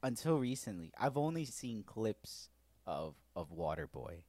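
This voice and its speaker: A man's voice: fairly low pitch, unhurried, no echo. A man co-hosting a podcast, retelling comedy movie scenes in a casual chat and swearing freely. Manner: animated storyteller who swears casually. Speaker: podcast co-host.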